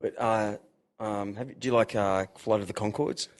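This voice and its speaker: A man's voice: on the low side, fairly even intonation, moderate pace. A man hosting a podcast, rambling casually with many fillers and restarts. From Australia. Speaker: podcast host.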